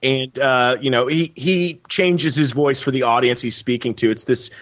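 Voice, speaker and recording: A man co-hosting a casual political chat, animated and mocking, often mimicking politicians. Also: medium pitch, moderate pace, muffled recording.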